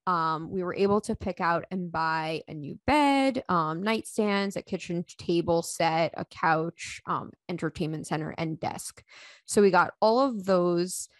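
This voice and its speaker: A woman in her thirties, a podcast guest, telling a personal story in casual chat, animated and laughing often as she acts out the dialogue. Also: fairly low pitch, unhurried, dry recording.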